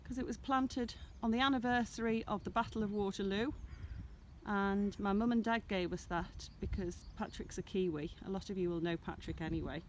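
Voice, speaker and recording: A woman's voice: mid-range voice, moderate pace, slight background noise. A woman showing viewers around her smallholding in a casual walking vlog. She chats in a meandering way and dotes on her animals, and she films herself outdoors in a farm field on a handheld camera. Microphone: handheld camera filming herself.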